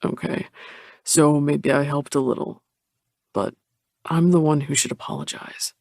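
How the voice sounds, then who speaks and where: A woman voicing a gentle, earnest young woman in an audiobook, speaking softly and a little higher than her narration. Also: steady tone, a little slow, creaky, no room sound, clean studio sound, full character voice. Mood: warm.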